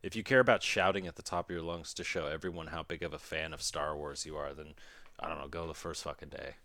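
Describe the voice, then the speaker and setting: Deep-voiced guy, dry close sound. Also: fairly even intonation, quick pace, a bit bright, no room sound. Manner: blunt, swears casually. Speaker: podcast co-host. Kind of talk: casual chat.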